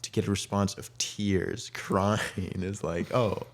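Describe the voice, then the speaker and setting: Low gravelly man chatting, rambling. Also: fairly even intonation, slow. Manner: rambling, many fillers, acts out quotes. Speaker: podcast co-host. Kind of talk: casual chat.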